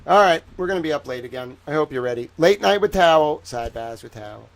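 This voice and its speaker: Young male livestream host with a higher voice, chatty and rambling, animated when worked up. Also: quick pace, vocal fry. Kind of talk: casual livestream commentary.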